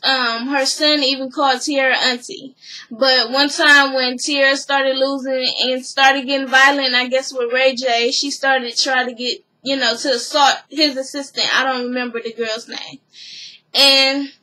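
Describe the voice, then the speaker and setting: A woman with a high, bright voice talks through a reality TV episode in a loose, casual recap. She rambles, padding her lines with "you know" and "or whatever" as she goes. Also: steady tone, measured pace, low-quality recording.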